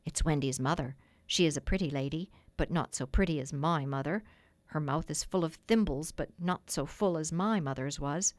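Storybook figure: a cocky boy who brags and sneers, pitched low and dry, as a woman narrator puts him on. Lower than her own voice and close to the mic. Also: moderate pace, hardly any pauses, no room sound, close to an everyday voice. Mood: boastful. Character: boastful proud boy who flies.

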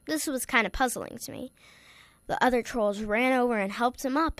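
A woman hosting a story show, telling a playful tale with lively delivery and sudden whispered asides. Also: on the high side, moderate pace, no echo, studio quality. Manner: lively, acts out voices, drops to whispers. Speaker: storyteller host.

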